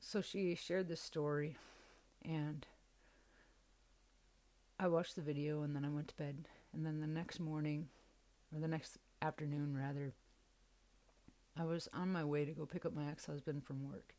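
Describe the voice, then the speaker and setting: A woman's voice: deep voice, flat delivery, unhurried, long pauses, warm tone. A young woman hosting a podcast, telling a personal story in a candid, casual way and swearing freely. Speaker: podcast host.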